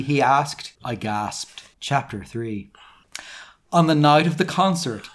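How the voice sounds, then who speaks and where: A man's voice: medium pitch, animated, takes it slowly. British man reading aloud mock-dramatically. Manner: mock-dramatic, stressing the absurd lines. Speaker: podcast co-host. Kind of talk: reading fan fiction aloud.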